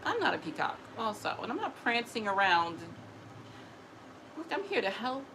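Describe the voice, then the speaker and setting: A woman talking casually to camera about her spiritual gifts. She is chatty and animated, often laughs, and acts out other people's voices, and she says she is tired. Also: fairly high pitch, normal speed, a little hiss or hum, low-quality recording. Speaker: spiritual messenger.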